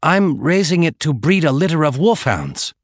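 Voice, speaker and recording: A man doing a nervous young student, pitched up and pleading, the voice rising with worry, a dry close sound. An anxious audiobook character trying to keep an older man at bay. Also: big pitch swings, moderate pace, no echo.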